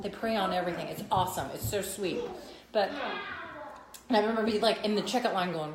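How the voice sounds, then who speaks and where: A woman from northern Illinois with a Chicago-area accent, hosting a casual live-stream chat. She talks in an animated way and drifts into mock accents. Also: medium pitch, fairly quick, long pauses, a crowd in the background. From northern Illinois, USA. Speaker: host. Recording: roomy echo.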